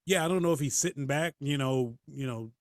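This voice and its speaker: A man co-hosting a casual podcast about wrestling, talking in a lively way, laughing and acting out quotes. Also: mid-range voice, a little fast, no echo, studio quality. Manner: animated, laughs, acts out quotes. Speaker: podcast co-host. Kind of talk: casual chat.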